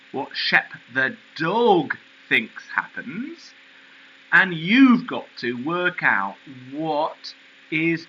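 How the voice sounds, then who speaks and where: Lively high-voiced male teacher. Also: muffled recording, a little hiss or hum. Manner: animated, questioning explanations. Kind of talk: recorded lesson.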